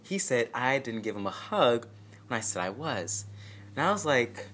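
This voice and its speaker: Sarcastic storyteller with a lively, swooping voice. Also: medium pitch, moderate pace. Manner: sarcastic, self-mocking, acts out quotes in exaggerated voices. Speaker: storyteller vlogger. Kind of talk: casual storytime vlog. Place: home, with a dog nearby.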